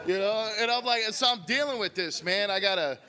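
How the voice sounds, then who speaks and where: A man's voice: high voice, lively intonation, a little fast, bright, forceful tone. A man giving a candid, rambling share at a recovery meeting, often saying "man" and laughing as he talks. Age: adult with a wife and a daughter. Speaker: member sharing at a recovery meeting. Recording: long hall reverb.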